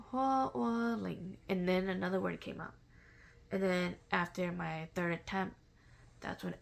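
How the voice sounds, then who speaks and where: A woman casually telling a personal story in a halting, reflective way, with many fillers and restarts. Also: lowish voice, gravelly. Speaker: vlogger sharing a personal spiritual story.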